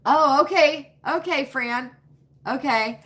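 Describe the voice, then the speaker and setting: A woman's voice: high voice, takes it slowly, fairly bright tone. A woman hosting a live stream, chatting folksily with viewers and answering their comments by name. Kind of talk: casual chat with live viewers.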